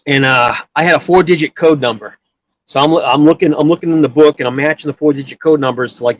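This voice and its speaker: A man's voice: mid-range voice, dry recording, low-quality recording. A man telling a long personal story in casual chat, rambling with many restarts and filler words. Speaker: guest storyteller.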